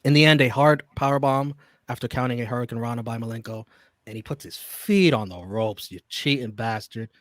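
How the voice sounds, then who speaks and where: A man's voice: mid-range voice, fairly quick, no echo. Man recapping matches, dry close sound. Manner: reads out match notes and ratings, wry asides. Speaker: podcast co-host. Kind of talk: casual wrestling match recap.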